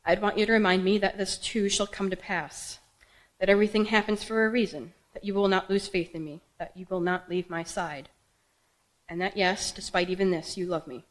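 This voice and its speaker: A woman's voice: medium pitch, fairly even intonation, brisk, poor audio. Young woman telling a raw personal story. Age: young adult. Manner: raw, intense, emotional delivery. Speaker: writer telling her own story. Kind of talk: live personal storytelling performance. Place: theater stage before a live audience.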